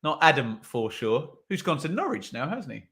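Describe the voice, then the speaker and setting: A man's voice: on the high side, very animated, moderate pace, a bit bright. A man hosting a live football watch-along, commenting on play and reading viewer comments with wry asides.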